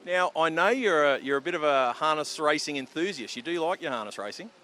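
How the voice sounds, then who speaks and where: A man's voice: a little high, expressive, brisk, pushed and bright. An Australian man asking short, friendly questions as an interviewer, outdoors at a racetrack. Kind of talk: casual on-course interview.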